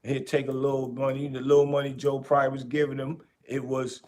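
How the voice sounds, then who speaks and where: A podcast host talking in a casual, animated way, repeating his points for emphasis. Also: medium pitch, fairly quick. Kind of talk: casual commentary.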